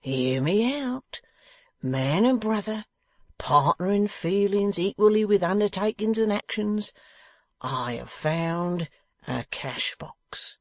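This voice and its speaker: A man reading as a scheming old-fashioned ballad-seller, oily and grandiloquent, drawing out his words for effect. The voice carries a gravelly edge, and the sound is close and dry. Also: sits high, very animated, slow, no echo, pitched above the performer's own voice, exaggerated voice. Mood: pompous. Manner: grandiloquent, theatrical, oily affability. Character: scheming, wheedling one-legged male ballad-seller. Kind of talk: audiobook character voice.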